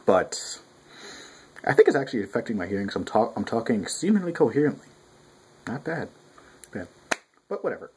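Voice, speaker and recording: A man with a husky, slightly rough voice riffs through a casual manga review. His pitch swings around in a lively, animated way, and he talks a bit loud, swearing freely and restarting his sentences as he goes. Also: a little fast, pauses often. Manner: rambling, profane, self-interrupting. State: talking loud with a clogged ear.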